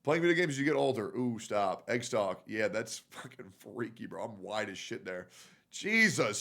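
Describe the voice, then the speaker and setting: A man's voice: lowish voice, big pitch swings, normal speed, gravelly, bright, forceful tone. A male streamer reacting casually on a live stream, swearing and gushing with frequent exclamations. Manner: profane, gushing, exclaims a lot.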